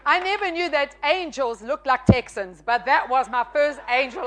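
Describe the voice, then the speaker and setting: A woman with a high, bright-sounding voice shares her faith testimony on a talk show. She tells it with lively energy, slipping into the voices of the people in her story. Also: moderate pace, few pauses, some chatter behind, a little hiss or hum. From South Africa. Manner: lively, acts out quoted dialogue. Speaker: guest sharing testimony.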